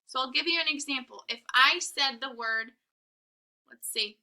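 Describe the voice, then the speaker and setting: Woman, high voice, very bright tone, recorded phonics lesson for little kids, drawn-out letter sounds. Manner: slow, exaggerated sounding-out of letters and words. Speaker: kindergarten teacher.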